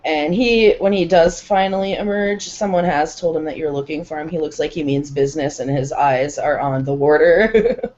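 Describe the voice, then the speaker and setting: Low-voiced woman running a tabletop game. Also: normal speed, darkish tone. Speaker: game master. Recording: dull lo-fi recording.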